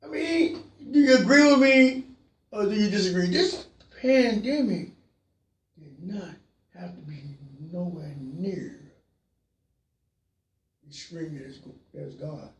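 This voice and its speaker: A host speaking with fervor in a call-in show monologue, dropping to low murmurs, then climbing to shouts and repeating himself for emphasis. The voice sits back from the microphone in an echoing room. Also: expressive, takes it slowly, long pauses, far from the mic, slight background noise. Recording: roomy sound, voice from away from the mic.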